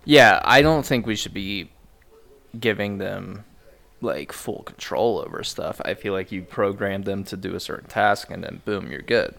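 A man's voice: fairly low pitch, unhurried, creaky, a bit bright. A young man hosting a podcast in casual banter, laid-back and swearing freely. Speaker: podcast host.

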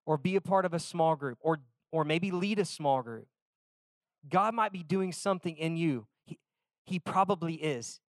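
Pastor, male, higher register, conversational sermon with quiet asides; dry close recording. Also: no room sound. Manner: conversational storytelling with soft asides, reads scripture slowly.

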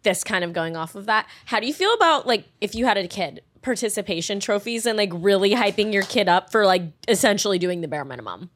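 A woman's voice: mid-range voice, lively intonation, fast talker, few pauses, a bit bright. A woman co-hosting a podcast in casual chat, frank and candid, swearing freely. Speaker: podcast co-host.

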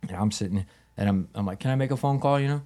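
Another wild story from the same American Muay Thai fighter on a podcast, this time in a medium-pitched voice at a fast clip. He stays animated in the casual chat, performing the quoted dialogue and cursing freely.

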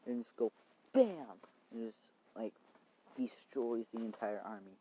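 A man's voice: mid-range voice, moderate pace, darkish tone, slight background noise, poor audio. A young man vlogging outdoors in the cold rain, recapping a show in a rambling, casual way with lots of fillers and swearing.

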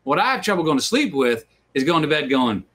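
A man's voice: a little high, sing-song, a little fast, a bit bright. A man with a drawl talks through his stories in a loose, reflective way as an interview guest. He repeats words as he thinks and acts out the voices of the people he quotes. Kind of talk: reflective conversational storytelling.

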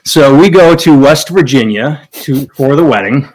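A man's voice: mid-range voice, expressive, normal speed, darkish tone, low-quality recording. A man casually telling a long story among friends, rambling, cursing freely and restarting his sentences. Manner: rambling, profane, restarts, acts out quoted people. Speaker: podcast host telling a story.

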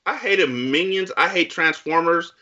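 A man's voice: on the high side, unhurried, pushed and bright, highs cut off. A man co-hosting a casual movie review chat, ranting bluntly with emphatic profanity. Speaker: podcast co-host.

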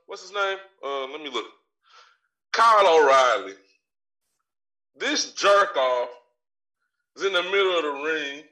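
Brash male podcast ranter, bright edgy tone, a bit far from the mic in a roomy space. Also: a little high. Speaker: podcast co-host with a wrestling segment. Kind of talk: profane ranting commentary. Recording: echoey room, voice off-mic.

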